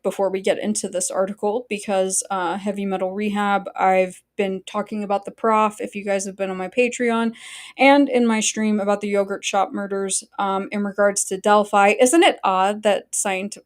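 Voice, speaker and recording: Blunt, profane woman live-streamer. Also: medium pitch. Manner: blunt and profane, talks straight to chat; chatty asides and frequent fillers. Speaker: livestream host. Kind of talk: casual live-stream commentary.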